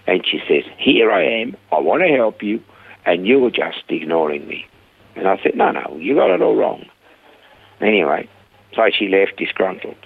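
A man guest telling lively stories about his ministry, acting out the people he quotes, heard over a phone line. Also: low-pitched, gravelly, husky, no room sound. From Australia. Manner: animated storyteller, acts out quoted voices. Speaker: guest, rehab ministry founder. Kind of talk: conversational storytelling interview. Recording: dry phone-line sound.

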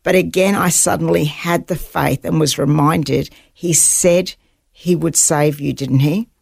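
Lady guest with a really gravelly voice telling her survival story, dry close sound. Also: low-pitched, fairly even intonation, measured pace, darkish tone, dry recording. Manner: vivid, earnest storytelling with quoted inner thoughts. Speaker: guest, author recounting survival at sea. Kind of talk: storytelling interview.

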